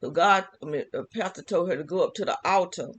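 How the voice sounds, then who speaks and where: A woman's voice: fairly low pitch, fast, breathy edge. Rambling woman giving a casual testimony. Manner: rambling, laughs often, restarts sentences. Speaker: vlogger.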